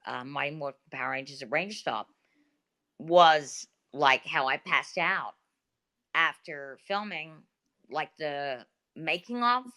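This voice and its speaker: Bright-voiced Australian woman, chatty. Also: low voice. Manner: chatty, animated storytelling with many fillers. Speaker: guest. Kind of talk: casual interview talk.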